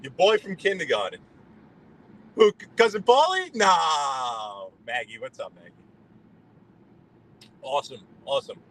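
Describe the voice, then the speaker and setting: A man's voice: fairly high pitch, sing-song, unhurried, long pauses, a bit bright, low-quality recording. A man, chatting casually with live-stream viewers while driving, greeting them by name and rambling between topics. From New York. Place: inside a car on the road. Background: road and traffic noise.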